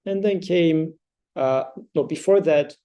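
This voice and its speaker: A man teaching scripture to a small study circle, his voice slightly high yet deeply mellow and dark. He explains in a thoughtful, halting way, with fillers and restarts, and chants verses between his comments.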